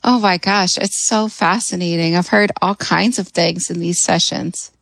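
A woman's voice: lowish voice, fairly even intonation, moderate pace, gravelly, a bit bright, dry recording, poor audio. A woman guest on a radio talk show, speaking as a hypnotherapist in an enthusiastic, chatty way and laughing often.

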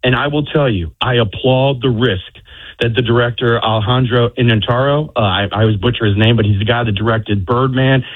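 A man calling into a radio show to chat and review a film, relaxed and conversational. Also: medium pitch, fairly quick. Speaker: phone-in contributor and film reviewer. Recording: tinny phone line.

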